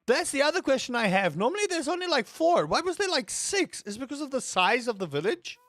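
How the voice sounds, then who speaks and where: A man commentating his own game in a casual let's-play. He is excitable, swears freely and rambles in asides. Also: extremely high pitch, brisk, dry recording. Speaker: gaming streamer.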